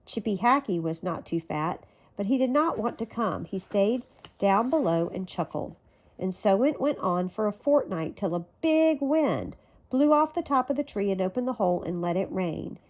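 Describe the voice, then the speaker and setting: A woman reading a children's story aloud in a gentle, even storytelling manner. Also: mid-range voice, normal speed. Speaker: storybook reader.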